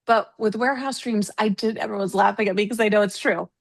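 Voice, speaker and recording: A woman who writes novels, co-hosting a casual podcast and telling stories in an animated, emotional way. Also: medium pitch, quick pace, gravelly. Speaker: podcast co-host. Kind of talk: casual chat.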